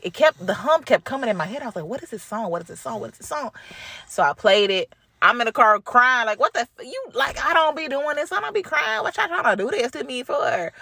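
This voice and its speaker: A woman's voice: lowish voice, fairly bright tone, no room sound. Chatty, slangy woman, dry close sound. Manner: chatty, slangy, swears and laughs often. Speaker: podcast host. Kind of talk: casual spoken travel update.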